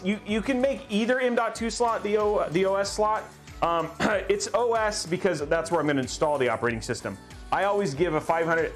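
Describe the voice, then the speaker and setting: A young man hosting a live stream, chatting casually with frequent laughs and reading chat aloud in a rambling way. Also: sits high. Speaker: livestream host building a PC.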